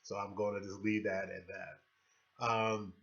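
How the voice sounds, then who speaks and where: A man talks through a film review in a loose, rambling way, stopping on fillers and restarting his sentences. His voice is bright and forward. The recording sounds dull and lo-fi. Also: fairly low pitch, little pitch movement, slow. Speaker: movie reviewer. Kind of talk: casual spoken movie review.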